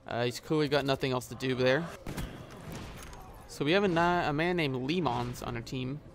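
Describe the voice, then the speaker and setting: A man's voice: mid-range voice, normal speed, a little hiss or hum. A man giving casual gameplay commentary as a gaming YouTuber, rambling with many filler sounds and swearing at the game, recorded on a headset mic.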